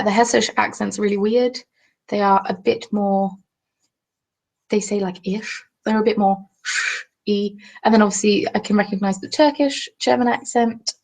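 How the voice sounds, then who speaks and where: On a roughly recorded crafting livestream, a young female host chats casually with her audience. She reads their comments aloud, adding apologetic, self-deprecating remarks, in a mid-range voice.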